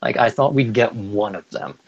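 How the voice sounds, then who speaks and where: A man's voice: lowish voice, normal speed, no echo, lo-fi sound. A young man co-hosting a podcast in casual chat, enthusiastic and chatty, stumbling through restarts. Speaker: podcast co-host.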